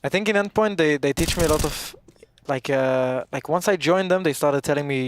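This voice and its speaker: A man from Israel, a pro player chatting casually on an esports desk, halting and amused as he tells stories. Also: a little high, slight background noise. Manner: halting, self-correcting, amused storyteller.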